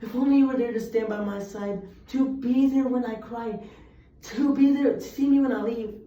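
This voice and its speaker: A young woman recites a set of poems in an earnest, emphatic way. Her voice sits fairly high and sounds mellow. The recording is muffled and distant, with a lot of room echo. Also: steady tone, moderate pace. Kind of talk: poetry recitation.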